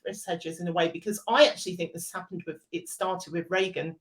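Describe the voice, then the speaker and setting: A woman's voice: fairly low pitch, fairly even intonation, low-quality recording. A British woman co-hosting a podcast, talking casually and often restarting her sentences. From United Kingdom. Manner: halting, many restarts and repetitions. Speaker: podcast co-host. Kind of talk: casual chat.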